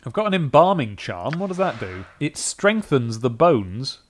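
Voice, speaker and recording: A man's voice: medium pitch, sing-song, unhurried, a little hiss or hum. A man casually commenting as he plays a computer role-playing game, chatty and self-mocking. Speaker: game let's-player.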